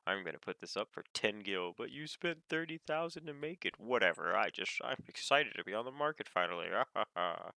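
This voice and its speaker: A man's voice: lowish voice, expressive, a little fast, vocal fry, hardly any pauses, pushed and bright, dry recording, exaggerated voice. A man voicing a gloating, cackling gamer who undercuts everyone on a game market, in a nasal put-on voice. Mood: smug. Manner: cackling, smug.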